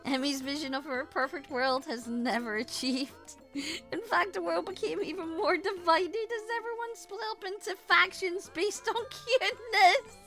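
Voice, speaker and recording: A woman's voice: very high-pitched, moderate pace, bright, forceful tone, faint music behind. A woman narrating a comic cartoon in a wry, storybook style. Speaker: animator and narrator.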